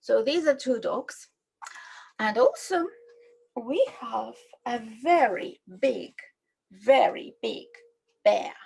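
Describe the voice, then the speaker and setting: A woman from Russia with a Russian accent, a children's book author presenting her story's toy characters in a gentle, simple way and asking her listeners questions. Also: fairly high pitch, expressive, slow, vocal fry, long pauses, slight background noise, low-quality recording.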